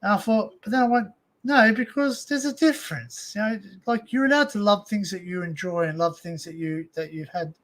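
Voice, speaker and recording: An Australian man hosts a casual live stream from home, speaking into a desk microphone. His voice sits a little high for a man. He rambles and circles back, leaning on "you know" and "like" between his points. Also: steady tone, a little fast, hardly any pauses, a bit bright. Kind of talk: casual chat.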